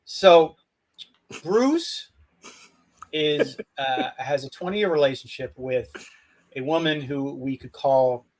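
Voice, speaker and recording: A man co-hosting a casual podcast, teasing his partner and cutting in with quick questions. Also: mid-range voice, darkish tone. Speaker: podcast co-host.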